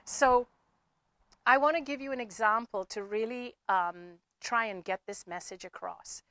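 Woman, spiritual speaker; earnest, repetitive motivational delivery, higher-pitched voice. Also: fairly bright tone, no room sound. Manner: earnest, repeats herself with fillers. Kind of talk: motivational talk to viewers.

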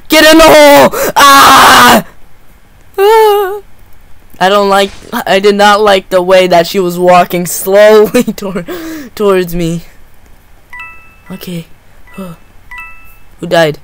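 Male gaming host, unhurried delivery, jumpy and exclamation-heavy while playing. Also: sits high, clear, resonant tone. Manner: excitable, lots of gasps and repeated exclamations. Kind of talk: live gameplay commentary.

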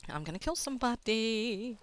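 A young woman talking to herself while she plays a game, swearing often and muttering quietly between excited outbursts. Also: a little high, moderate pace, slight background noise. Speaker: gaming video host. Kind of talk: casual let's-play commentary.

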